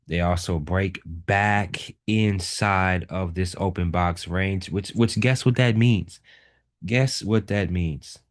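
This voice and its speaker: Brief: low-pitched male instructor, unhurried delivery, repeats words for emphasis. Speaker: trading instructor. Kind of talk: live chart walkthrough lesson.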